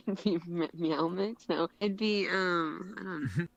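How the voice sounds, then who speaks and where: A woman's voice: fairly low pitch, takes it slowly, creaky, dull audio. A woman hosting a casual chat who laughs often and hesitates, searching for words. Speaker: streamer host.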